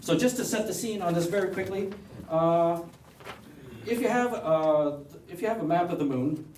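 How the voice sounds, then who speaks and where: In a meeting room, an astronomy club presenter with a Canadian accent chats casually to the group, wandering off topic, joking and restarting often. He has a high, slightly mellow voice at normal speed. The room is echoey, his voice comes from far off, and there's faint hiss.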